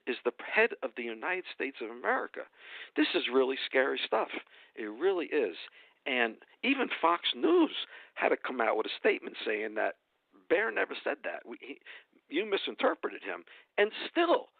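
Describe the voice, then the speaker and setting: A man's voice: mid-range voice, vocal fry, dry recording. A man giving a heated, indignant political rant as a radio guest, hammering points with repetition. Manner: indignant, emphatic, repeats phrases for effect. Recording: dry tinny phone line.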